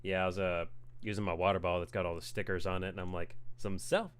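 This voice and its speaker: A man chatting casually while streaming a game, animated and acting out his own thoughts in little quoted voices. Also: low-pitched, very fast, clear, resonant tone. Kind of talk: casual chat while gaming.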